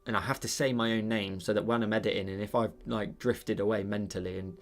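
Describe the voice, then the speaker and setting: A man's voice: lowish voice, steady tone, fast talker, gravelly, soft background music. A British man hosting an art channel, chatting casually on a live stream while he draws, rambling with lots of fillers and restarts.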